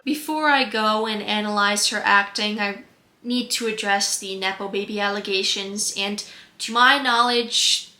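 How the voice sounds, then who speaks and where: Bright, mock-outraged 19-year-old woman. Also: medium pitch. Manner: mock-outraged, playful, quick asides. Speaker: comedy YouTuber. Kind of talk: comedic vlog commentary. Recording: echoey room with faint music.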